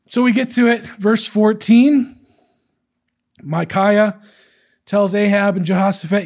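Man, preacher, sermon, high voice, husky, acts out quotes, animated. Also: takes it slowly, long pauses.

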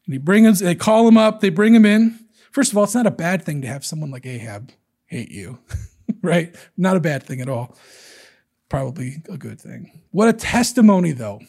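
A man's voice: on the high side, moderate pace. A man preaching a sermon, walking through a scripture passage and acting out the characters' lines in changing voices. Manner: animated, acts out quotes from scripture in different voices.

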